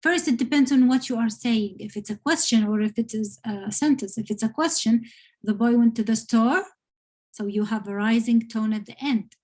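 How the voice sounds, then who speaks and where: A woman's voice: fairly high pitch, brisk, hardly any pauses, a little mellow. A woman with an Arabic accent teaching an online English lesson, explaining patiently and often checking in with "okay?". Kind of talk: online lecture.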